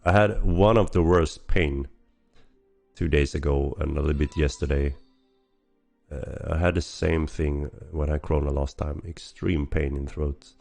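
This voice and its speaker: A man with an extremely deep, rough voice hosts a casual stream Q&A while sick. He coughs and clears his throat often, and faint music plays behind him. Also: fairly even intonation, a little slow, a little mellow. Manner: chatty, frequent throat clearing and laughs. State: hoarse from a cold, coughing. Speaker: game developer hosting a weekly stream. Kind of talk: casual livestream Q&A.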